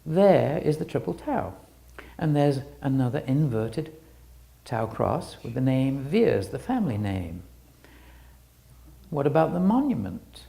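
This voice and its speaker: Gravelly low-voiced woman giving a talk. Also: big pitch swings, measured pace, mellow. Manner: rambling, restarting sentences. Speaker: presenter. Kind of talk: illustrated talk with slides.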